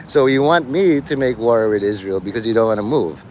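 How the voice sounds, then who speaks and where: A man livestreaming outdoors on a rainy city street, rambling and joking, acting out quick voices and laughing often. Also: medium pitch, expressive, darkish tone, lo-fi sound, slight background noise.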